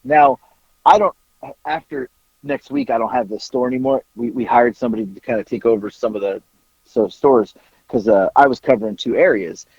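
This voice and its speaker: A man on a podcast telling a casual story, animated, acting out bits of dialogue and swearing casually. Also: mid-range voice, a little fast, husky, no echo, muffled recording. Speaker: podcast co-host.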